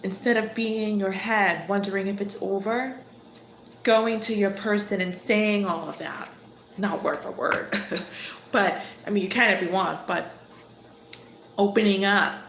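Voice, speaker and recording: A woman giving a livestream tarot reading in an unhurried, conversational way, chuckling now and then as she turns cards. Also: mid-range voice, fairly bright tone. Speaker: tarot reader. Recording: echoey room with background noise.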